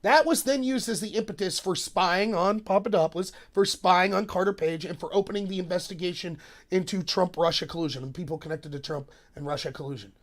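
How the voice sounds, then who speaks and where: A man with a high, light voice hosts his own political commentary video. He talks in an animated, sarcastic way, swings up and down in pitch, and mocks the voices of the people he quotes. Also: fairly quick.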